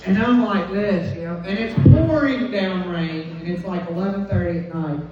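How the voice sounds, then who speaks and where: A woman comedian, telling a stand-up story in an animated way and acting out the quoted voices. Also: on the low side, moderate pace, noisy background. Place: comedy club stage. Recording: dull, distant, echoey club recording.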